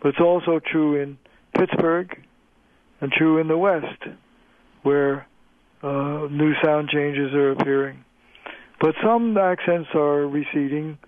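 An older man, a linguist, explaining things in a measured lecturing way during a phone-in radio interview. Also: fairly high pitch, no room sound. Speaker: linguist guest. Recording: tinny phone line.

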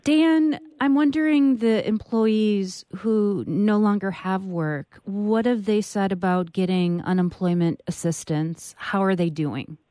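A woman hosting a radio interview, speaking in a measured, clear way. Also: medium pitch, warm tone, no echo. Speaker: radio host.

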